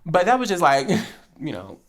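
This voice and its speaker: Speaking at a normal speed in a voice that sits low, a podcast host from New Jersey shares a story. She's animated, laughs a lot, and acts out the lines she quotes in this casual chat.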